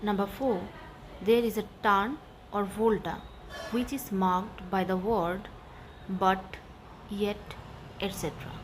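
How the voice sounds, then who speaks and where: A woman talks through a literature lesson at an unhurried pace. She is careful and deliberate, and leans on the syllables she wants heard. Clear background noise runs under the voice-over. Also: medium pitch, steady tone. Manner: slow, deliberate, stresses key syllables. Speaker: teacher. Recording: noisy voice-over.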